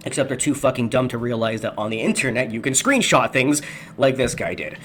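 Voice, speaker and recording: A man's voice: medium pitch, expressive, fairly quick, a bit bright, slight background noise. A man hosting a ranting video commentary, angry, sarcastic and profane. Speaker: commentary host.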